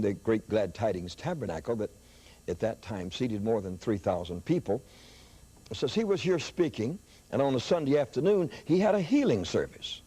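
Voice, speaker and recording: An older man preaching, telling a story in an animated sermon style with excited rises in his voice. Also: slightly rough. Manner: animated storyteller, rising pitch when excited.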